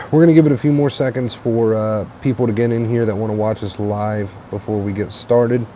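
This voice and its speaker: A young man hosting a late-night livestream on a tablet, a little tired, relaxed and repetitive, with plenty of uh and um. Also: on the low side, moderate pace, a little hiss or hum. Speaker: livestream host. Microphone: tablet mic.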